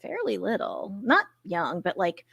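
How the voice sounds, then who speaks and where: A woman's voice: medium pitch, measured pace, creaky, slightly rough, no room sound. Profane joking woman podcast host. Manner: profane, joking, deadpan bits. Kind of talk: casual chat.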